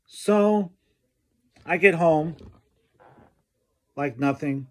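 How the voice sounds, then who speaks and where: A man telling a personal story from his school days, slow and halting, often clearing his throat. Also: on the high side. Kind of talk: personal anecdote told slowly.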